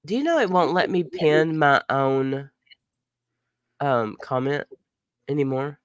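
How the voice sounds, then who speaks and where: A woman recovering from illness, chatting casually as host of a live stream and telling stories in an animated way with plenty of laughs. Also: deep voice, takes it slowly, clear, resonant tone, no room sound, studio quality. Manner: animated storyteller, laughs a lot. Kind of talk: casual chat.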